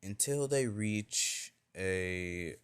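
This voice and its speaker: A low-voiced man tells a fan-made story off the cuff. He rambles and keeps reaching for fillers as he goes. The sound is dry and close. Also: drawn-out words, smooth, no room sound. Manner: rambling, full of "like" and "you know". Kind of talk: casual fan-fiction storytelling.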